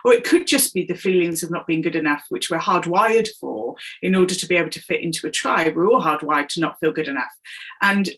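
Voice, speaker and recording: A woman's voice: on the low side, a little fast, fairly bright tone. A woman, a coach and comedian, explaining her ideas in an interview and acting out inner voices as quoted asides.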